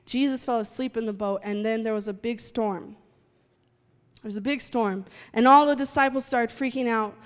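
A woman's voice: on the high side, normal speed. A woman preaching a sermon and leading prayer in a church, speaking with fervent conviction. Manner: fervent, rising to loud praying. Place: church sanctuary. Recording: long hall reverb, faint music.

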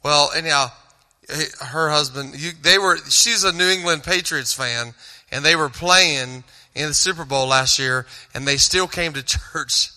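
A man's voice: a little high, a little slow, sharp tone, long reverb tail. A man with a Texan accent talking to a church crowd in a loose, rambling and joking way, stopping himself mid-sentence. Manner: rambling, joking, self-interrupting. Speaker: Christian cowboy singer and speaker. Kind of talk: casual stage talk at a church event.

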